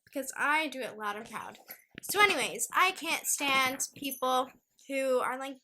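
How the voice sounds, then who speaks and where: A woman's voice: sits high, animated, a little slow, sharp tone. A young woman hosting a casual solo podcast, ranting in an exasperated, emphatic way. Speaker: podcast host.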